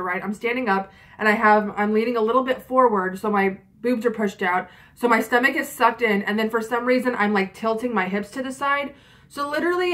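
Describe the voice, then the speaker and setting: A woman's voice: a little high, fairly bright tone. Chatty, foul-mouthed young woman vlogger. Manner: chatty and frank, swears often, many fillers. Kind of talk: casual storytelling vlog.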